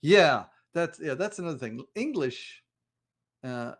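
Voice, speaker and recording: A man's voice: a little high, expressive, a little slow. An American man talking casually to camera in a vlog, rambling with many fillers and restarts. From United States. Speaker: vlogger. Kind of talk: casual spoken monologue.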